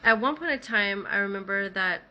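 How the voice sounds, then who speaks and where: A woman's voice: mid-range voice, expressive, normal speed, lo-fi sound. A woman casually telling her own story in the first person, talking in a loose, conversational way full of "like". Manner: conversational, many "like" fillers.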